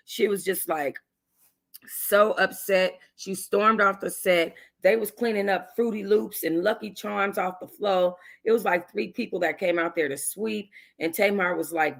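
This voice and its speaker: A woman's voice: on the low side, moderate pace, fairly bright tone. Sassy, emphatic woman streamer. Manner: sassy, emphatic, chatty with slangy asides. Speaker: YouTube host reviewing a reality show. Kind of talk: casual livestream commentary.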